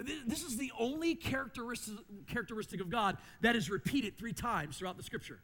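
A man's voice: very high voice, brisk, a bit bright. A man, a pastor, preaching a sermon with emphatic repetition and rhetorical questions. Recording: long reverb of a large hall.

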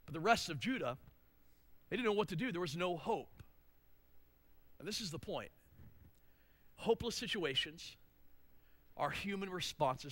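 A male pastor preaching a sermon, swinging between loud emphatic declarations and hushed asides. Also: a little high, lively intonation, measured pace, long pauses.

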